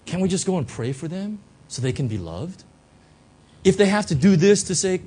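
A man's voice: sits high, sing-song, fairly quick, a little mellow, husky. A man preaching a sermon as pastor, talking conversationally with many fillers and rhetorical questions. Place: church.

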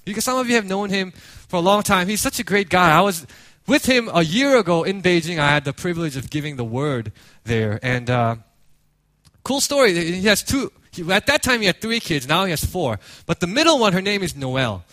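A man preaching a sermon, telling a story with animated acted-out quotes and frequent casual fillers. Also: high voice, fairly quick, no echo. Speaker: pastor.

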